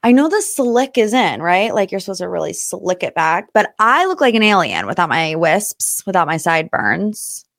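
A woman's voice: lowish voice, big pitch swings, normal speed, hardly any pauses, a bit bright, dry recording, studio quality. A young adult woman from Ohio hosting her own pop culture podcast in a chatty, bubbly, rambling way. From Northeast Ohio. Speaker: podcast host. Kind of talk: casual chat.

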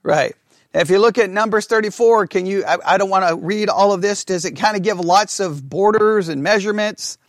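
A man with a high voice leads a Bible study class, reading scripture aloud slowly and often stopping to ask the group questions. The recording is studio quality with no room sound.

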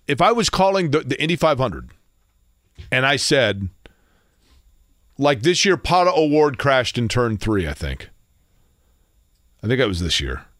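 A man's voice: medium pitch, fairly bright tone, dry recording, clean studio sound. A man hosting a sports radio show, joking and rambling in casual banter, asking lots of questions.

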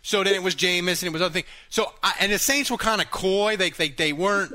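A man hosting a casual fan call-in chat, excitable and quick to laugh. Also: high voice. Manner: excitable, animated, laughs often. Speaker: fan podcast host.

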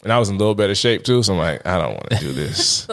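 A man's voice: fairly low pitch, animated, rapid-fire, a bit bright. A man in his thirties, a podcast guest, telling a story in casual chat, acting out his own reactions and laughing often. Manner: laughs often while talking.

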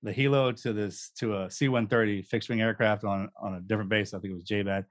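A man's voice: lowish voice, steady tone, fast. A man, a guest recounting his story in a joking, self-mocking way. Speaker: guest, Navy SEAL veteran. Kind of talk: casual storytelling.

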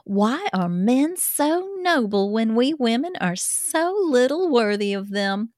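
Slow, expressive woman reading aloud. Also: a little high, dry recording, studio quality. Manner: expressive and theatrical, laughs often. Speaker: podcast co-host reading a classic novel aloud. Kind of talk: dramatic reading mixed with casual chat.

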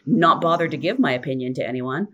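A woman co-hosts a film podcast with a very animated voice that swings widely in pitch. She jokes and talks expressively in casual chat. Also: quick pace, muffled recording. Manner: lively, joking, expressive. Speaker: podcast co-host.

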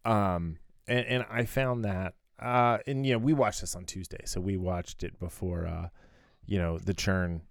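Podcast co-host, male, very low voice, dry close sound, rambling delivery. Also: a little slow, creaky, dry recording. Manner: rambling, many fillers and restarts, laughs often. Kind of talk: casual chat.

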